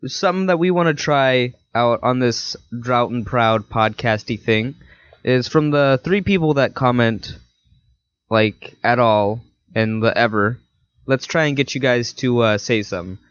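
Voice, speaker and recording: A young man co-hosting a podcast in casual chat, lively and quick to laugh. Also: mid-range voice, clear, resonant tone, no echo. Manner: lively, laughs easily, plays put-on voices. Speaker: podcast co-host. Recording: dry, dull lo-fi mic sound.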